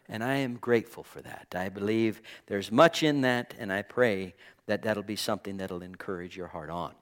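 A man's voice: fairly low pitch, moderate pace. A man preaching a Bible study sermon, earnest and emphatic, drawing out key words as he teaches.

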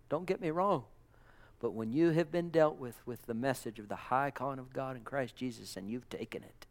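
A man preaching a sermon with passion, calling out amens and praise to the congregation, dropping to a hush and then rising to loud exclamations. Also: medium pitch. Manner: impassioned, swings from hushed murmurs to loud exclamations; calls out amen and praise God to the congregation.

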